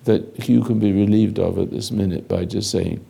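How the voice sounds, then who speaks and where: An older man giving a slow, halting spiritual lecture, speaking directly to a listener in a commanding way. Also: fairly low pitch, steady tone, vocal fry, warm tone, slightly rough. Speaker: spiritual teacher.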